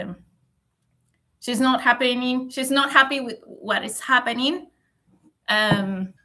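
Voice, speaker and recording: A woman chatting on a live stream, close to tears but steady. She speaks very slowly in a bright, slightly high voice and keeps checking in with the viewers. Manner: emotional, measured, often tags sentences with "okay?". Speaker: livestream host. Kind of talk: casual live stream chat, answering comments.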